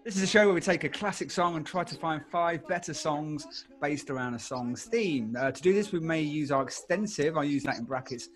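A man's voice: on the high side, fairly quick. Chatty man hosting a podcast. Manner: chatty, wry, self-deprecating. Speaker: podcast host. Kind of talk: casual chat.

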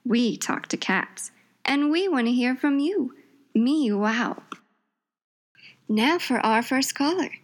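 A woman's voice: high voice, expressive. Cheery woman hosting a mock call-in show. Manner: cheery, brisk, mock-broadcaster. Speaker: host. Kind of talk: comic radio call-in skit.

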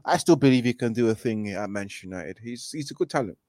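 A man whose first language is French, co-hosting a casual football podcast in a relaxed, laid-back way. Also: mid-range voice, quick pace, no room sound, clean studio sound. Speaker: podcast co-host.

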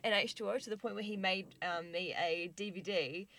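A woman chatting casually and telling a lively childhood story, acting out the voices of the people in it. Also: medium pitch, a little fast. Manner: animated storyteller, acts out quoted voices. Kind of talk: casual chat.

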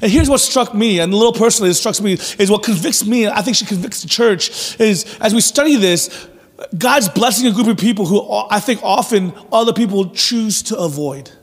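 Husky high-voiced male pastor preaching. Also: a little fast. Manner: conversational, animated preaching with acted-out asides. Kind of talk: sermon. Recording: long reverb of a large hall.

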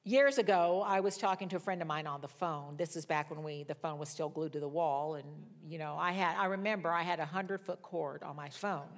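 An older woman teaching a Bible study through lively personal stories, her fairly low voice leaping up high and loud at the dramatic moments. She chats along with self-mocking asides. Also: brisk, few pauses. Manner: animated, with sudden jumps in pitch and loudness.

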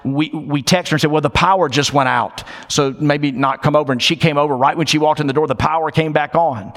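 A man with a slightly raised pitch delivers a sermon in a church sanctuary, where his voice rings out with a long reverb. He talks to the congregation conversationally, drawing out key lines for emphasis and slipping in lighthearted asides. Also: fairly bright tone. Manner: conversational preaching, slows for emphasis, playful asides. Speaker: pastor.

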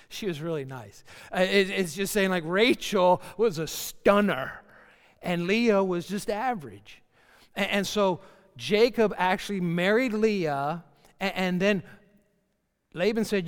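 A middle-aged male pastor with a high, clear, resonant voice preaches a sermon in a reverberant hall. His style is folksy and joking, and he acts out little scenes as asides.

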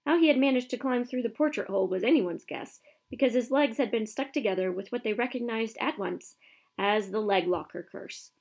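A woman's voice: on the high side, a little fast, gravelly. Woman narrating a storybook. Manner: steady storytelling. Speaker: audiobook narrator. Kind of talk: scripted narration.

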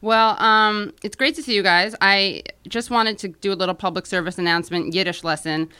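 A woman's voice: medium pitch, brisk, pushed and bright, clean tone. A woman hosting a radio talk show, chatting casually and effusively in the studio.

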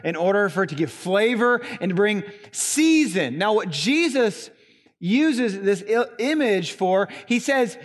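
A pastor with a Southern Indiana accent delivers an emphatic sermon, leaning on single words. His voice sits high for a man. The sanctuary leaves a long reverb trailing behind him. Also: sing-song, takes it slowly. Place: church sanctuary.

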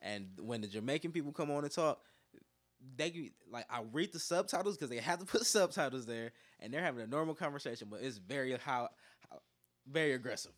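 A man's voice: mid-range voice, animated, brisk, a bit bright. A man in casual chat, joking and prodding the others with cheeky questions.

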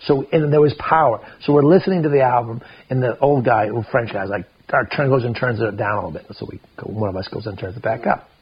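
A man's voice: mid-range voice, fast, breathy edge, muffled recording. A middle-aged man, a podcast guest, telling a rambling story full of quoted back-and-forth. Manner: rambling, retells scenes with quoted dialogue. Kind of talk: casual storytelling.

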